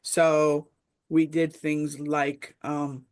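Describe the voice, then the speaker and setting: A middle-aged woman shares her story in a casual webinar discussion. Her voice carries a gravelly, creaky edge. She talks in a reflective, meandering way, full of ums and restarts. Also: sits low, moderate pace. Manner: reflective storytelling with many fillers. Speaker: webinar panelist.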